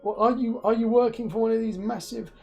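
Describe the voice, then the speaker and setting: A man hosting a casual live-stream interview, asking jokey, animated questions with many restarts. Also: extremely high pitch, a little fast, vocal fry, husky, muffled recording, faint music behind. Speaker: interview host.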